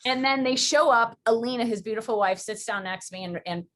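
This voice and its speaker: A woman from Western New York hosting a podcast, chatting casually and telling stories with quick, rambling asides. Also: a little high, a bit bright. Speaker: podcast host. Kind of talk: casual interview chat.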